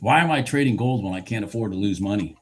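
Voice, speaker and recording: A man's voice: on the low side, fast, slight background noise. A man commentating his own live futures trading on a stream, frustrated and swearing, talking to himself and to his chat. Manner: laughs at himself, repeats phrases. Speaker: livestream futures trader.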